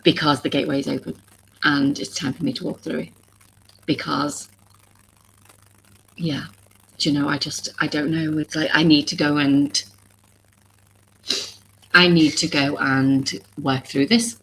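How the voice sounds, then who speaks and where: A woman's voice: low voice, steady tone, a little slow, vocal fry, long pauses, fairly bright tone, a little hiss or hum, poor audio. A woman hosting a live stream about oracle cards. She talks to viewers in a rambling, earnest way, openly emotional and full of restarts. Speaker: oracle card reader and live stream host.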